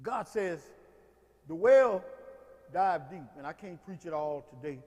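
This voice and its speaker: A man pastor preaching a sermon in a folksy way, swinging from hushed talk to shouts. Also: fairly high pitch, animated, unhurried, in a large hall.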